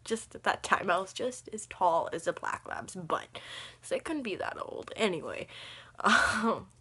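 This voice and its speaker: A young woman telling a rambling story on her vlog, laughing often as she talks, with a slightly husky voice. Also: mid-range voice, animated, unhurried, bright, forceful tone. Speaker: vlogger.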